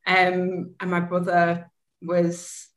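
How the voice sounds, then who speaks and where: A woman with a Manchester accent talks as a guest over a video call. Her voice sits on the low side, and her manner is chatty and self-deprecating, often breaking into laughter. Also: monotone, very slow, rough recording. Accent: English, Manchester. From Manchester, England. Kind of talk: casual conversation.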